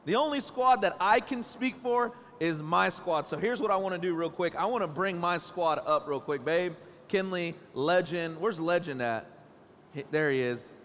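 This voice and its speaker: A man's voice: sits high, normal speed. A man in his thirties preaching a sermon in church, joking and telling stories about his family. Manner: playful, joking, animated storytelling. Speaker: pastor. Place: church stage. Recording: church hall reverb.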